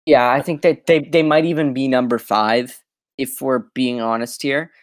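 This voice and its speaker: Fast-talking opinionated sports podcaster. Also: mid-range voice, fairly even intonation, no room sound, clean studio sound. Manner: fast, opinionated, heavy use of "like". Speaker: podcast co-host. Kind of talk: casual sports podcast chat.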